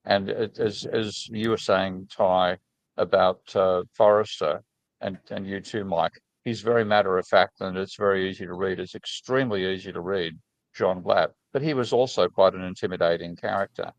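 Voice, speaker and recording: A man's voice: sits low, steady tone, normal speed, no echo, poor audio. A man hosting a casual conversation, telling enthusiastic, plain-spoken anecdotes with many restarts. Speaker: host.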